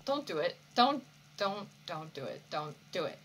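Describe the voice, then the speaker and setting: A woman hosting an anime reaction, talking back to the screen in an expressive way and swearing freely. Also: on the low side, normal speed, slight background noise. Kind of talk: reaction commentary.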